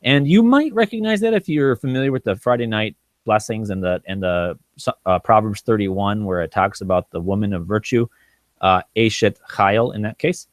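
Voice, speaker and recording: A man with a lowish voice walks through biblical Hebrew, thinking aloud with many ums and restarts. He slows right down to sound out Hebrew words syllable by syllable. The recording is dry, with no room echo. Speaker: Bible Hebrew teacher. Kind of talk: informal teaching walkthrough.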